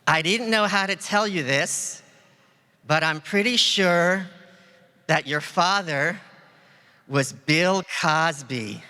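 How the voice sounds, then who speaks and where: A man voicing an insulting, wisecracking male puppet dummy in a ventriloquist stage act, with a slow, mocking roast delivery. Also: on the high side, bright, forceful tone, clean tone. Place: large event hall on stage. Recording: reverberant hall, faint ambience.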